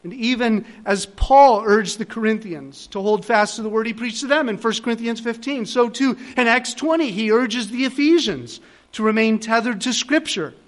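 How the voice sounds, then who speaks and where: A man preaching a Sunday sermon, his voice pitched high for a man. He pleads earnestly, repeats key phrases for emphasis and swells toward insistence. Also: moderate pace. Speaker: pastor.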